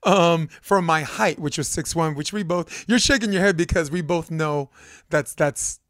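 A man's voice: a little high, normal speed, fairly bright tone, no echo, clean studio sound. A man hosting a podcast, asking loose, rambling questions in a casual chat. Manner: loose, rambling, profane interviewer. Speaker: podcast host.

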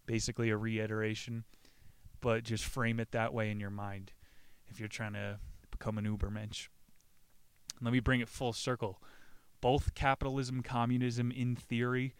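An irreverent man casually recapping a book, swearing freely and laughing as he goes. His voice is smooth and clear. The sound is dry and close. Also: medium pitch, level tone, moderate pace, no echo. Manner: profane, irreverent, laughs often. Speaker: book summarizer.

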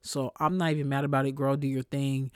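A young adult podcast host in a casual solo monologue, blunt and slangy with lots of swearing, whose voice climbs high and loud when worked up. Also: little pitch movement, brisk, clean tone, no echo, studio quality.

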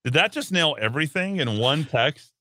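A man's voice: a little high, animated, normal speed, pushed and bright, dry recording, clean studio sound. A man hosting a talk radio show, reading listener texts aloud with sarcastic jokes. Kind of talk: casual radio banter.

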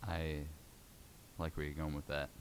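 A man's voice: very deep voice, monotone, a little slow, a little hiss or hum. A young man as a podcast guest, laid-back with a dry sense of humor. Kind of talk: casual podcast chat.

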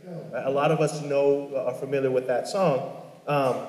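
A man's voice: mid-range voice, steady tone, darkish tone. Earnest father in an echoey room. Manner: earnest, halting, with many restarts. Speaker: father telling a personal story. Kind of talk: heartfelt personal storytelling. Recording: echoey room with long reverb.

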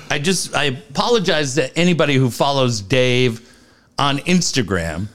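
A man's voice: fairly high pitch, fairly bright tone. A middle-aged man co-hosting a podcast, teasing his partner with exclamations in casual chat. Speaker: podcast co-host.

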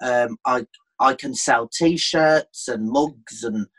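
A man's voice: mid-range voice, a bit bright, breathy edge. A man, chatting as a guest on a talk show. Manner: chatty, quick to mimic others. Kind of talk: casual chat.

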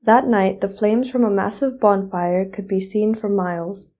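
A teenage girl reads a fairy tale aloud in an expressive storybook style. Her voice is mellow and warm, sitting at a middle pitch. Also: normal speed. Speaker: student reader. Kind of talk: storybook reading.

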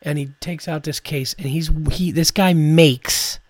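A man's voice: a little high, fairly even intonation, a little slow, no room sound. A man, a comedian hosting a podcast, telling a rambling story full of swearing and "like" fillers. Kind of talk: casual storytelling.

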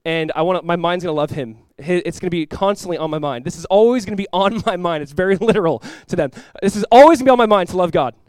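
A young man preaches in an energetic, conversational way, leaning on "like" as he explains scripture. His voice sits high and the words come quickly. The sound is dry and close, with no room echo. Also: clear, resonant tone. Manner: energetic, chatty, peppered with "like", reads scripture aloud. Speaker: pastor. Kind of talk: casual sermon.

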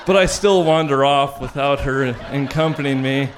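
A man telling a live personal story, wry and lively, laughing through his lines. His voice sits at an ordinary pitch. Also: normal speed, few pauses, slight background noise.

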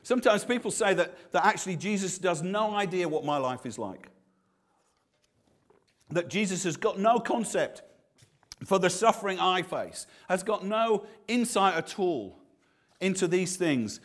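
A man's voice: high voice, animated, unhurried. A man preaching a sermon, earnest and full of restarts and repeated words.

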